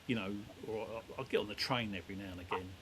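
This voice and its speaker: A middle-aged man who heads a demolition company tells stories in a casual chat, rambling and down-to-earth with plenty of fillers. His voice is on the low side and fast, with a noisy background behind him.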